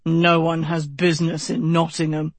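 An audiobook narrator voicing a calm, blunt, world-weary knight who talks dryly and frankly, a bit lower than the narration. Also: no echo, close to an everyday voice. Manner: dry, unhurried, frank.

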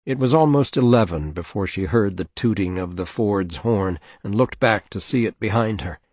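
A man narrating a novel in a steady, measured audiobook reading. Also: on the low side, dry recording.

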